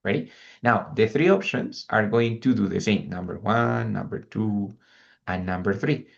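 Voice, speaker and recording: Male language teacher, low gravelly delivery, repeats examples, muffled recording. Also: normal speed. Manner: patient, repeats example phrases and checks in with "right?" and "ready?". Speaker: English teacher. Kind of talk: online language lesson, mixing English and Spanish.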